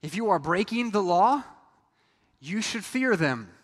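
A man's voice: high-pitched, big pitch swings, measured pace, fairly bright tone. A man preaching a sermon as a pastor, talking to the congregation conversationally and acting out quoted lines. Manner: conversational preaching with acted asides. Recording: reverberant hall.

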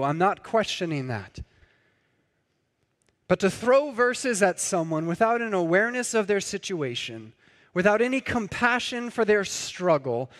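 A man preaching a conversational sermon, sometimes acting out the people in his story. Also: high-pitched. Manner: conversational, acts out quoted voices. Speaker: pastor. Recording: long hall reverb.

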